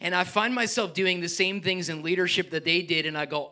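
A pastor delivers a lively, animated sermon to his congregation in a high, bright voice at a brisk pace. He swells into loud exhortation, then sinks low for personal, confiding asides.

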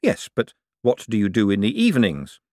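A man's voice: fairly low pitch, huge pitch swings, moderate pace, darkish tone, dry recording, clean studio sound. Man playing a glib con man. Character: quick-witted, smooth-talking young male con man.

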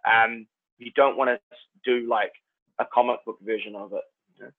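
A New Zealand man with a Kiwi accent, an actor chatting as a guest in a relaxed, rambling way. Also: mid-range voice, normal speed. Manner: laid-back, rambling, says "man" and "like" a lot. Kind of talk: casual chat. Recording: tinny phone-like line.

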